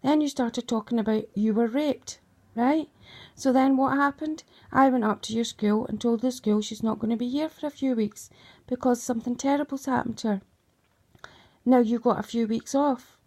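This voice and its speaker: A woman's voice: a little high, moderate pace, darkish tone. Accusing middle-aged woman. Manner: accusing, emphatic, keeps asking "right?". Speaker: mother. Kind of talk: emotional recounting monologue.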